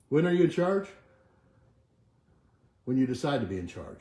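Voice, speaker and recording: Older man chanting calm affirmations. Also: mid-range voice, roomy sound. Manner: repeats affirmations slowly and softly, trailing off quieter. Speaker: chiropractor leading a weekly motivational march. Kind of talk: motivational self-help talk with affirmations. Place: home kitchen with a bay window.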